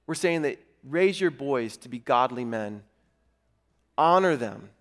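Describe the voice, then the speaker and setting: A middle-aged man preaching a sermon as pastor, earnest and conversational, telling stories with lively asides. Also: medium pitch, unhurried.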